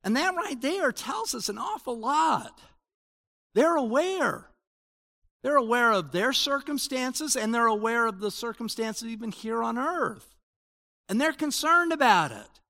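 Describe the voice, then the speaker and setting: A man in his sixties preaching a sermon in a conversational way, moving between loud emphasis and quiet asides. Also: extremely high pitch, lively intonation, a little slow. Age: 60s. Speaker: pastor.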